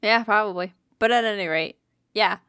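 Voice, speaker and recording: A woman co-hosting a casual chat, telling a funny story in an animated, profane way with bursts of laughter. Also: medium pitch, normal speed, clear, resonant tone, no echo, studio quality.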